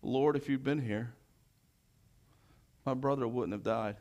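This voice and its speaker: This is a man preaching, working through scripture one verse after another and unpacking each, his volume rising to proclamation and falling to hushed tones. He speaks in a mid-range voice at an unhurried pace.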